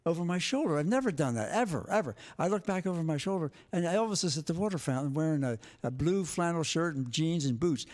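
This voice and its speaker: An older man tells stories in an interview, his voice pitched high for a man. He talks with animated energy and slips into the voices of the people he quotes. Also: quick pace, few pauses. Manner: lively, animated storytelling, acts out quotes. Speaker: guest, former TV sports director. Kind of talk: storytelling interview.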